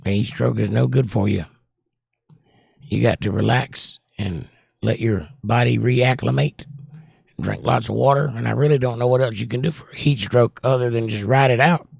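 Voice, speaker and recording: A hoarse, squeaky-voiced man hosting a casual livestream and reading chat messages aloud in a wry, blunt way. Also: moderate pace, long pauses, a little mellow, no room sound, studio quality. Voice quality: squeaky, croaky. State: hoarse, losing his voice.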